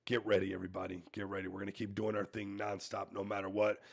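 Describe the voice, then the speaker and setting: Talking fast in a fairly low, gravelly monotone with a breathy edge, a man hosts a crypto live stream while sick and stuffed up. He is a crypto YouTuber hyping a project in salesy promo fashion, leaning on the word "everybody."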